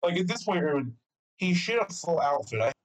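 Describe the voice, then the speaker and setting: Animated young man telling a story. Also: fairly high pitch, a little fast, low-quality recording. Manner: animated, swearing, laughs often. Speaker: podcast co-host. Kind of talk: casual storytelling chat.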